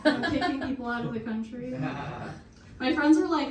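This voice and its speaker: A young woman performing a deadpan stand-up set, laughing at her own jokes. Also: high voice, fairly quick. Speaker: stand-up comic. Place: basement comedy show. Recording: echoey basement, far from mic, crowd. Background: audience laughter.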